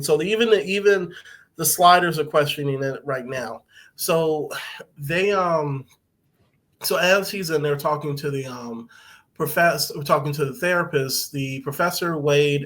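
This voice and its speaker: Man podcast host, slightly high voice, casual profane recap full of fillers. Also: a bit bright. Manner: loose, profane, laughs often, many fillers.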